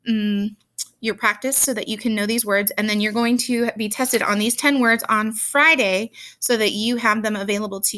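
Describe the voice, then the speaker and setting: A woman's voice: fairly high pitch, a bit bright. A woman teacher explaining grammar and spelling to children in a chatty way, with many ums and worked examples.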